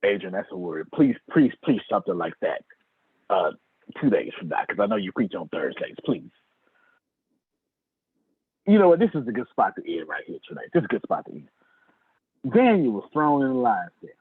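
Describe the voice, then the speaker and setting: Preacher-style sales trainer, man, husky voice, wildly swinging pitch, phone-quality audio. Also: moderate pace, pauses often, dry recording. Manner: animated, preacher-like, calls on listeners by name. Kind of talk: sermon-style sales lecture. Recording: tinny dry phone-like line.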